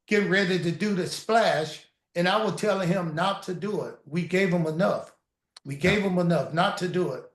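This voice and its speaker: A man with a high voice tells his stories in an animated, lively way and slips into the voices of the people he quotes. The recording has a roomy echo. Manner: animated storytelling, acts out quoted dialogue. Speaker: guest storyteller. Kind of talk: casual interview chat. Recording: echoey room.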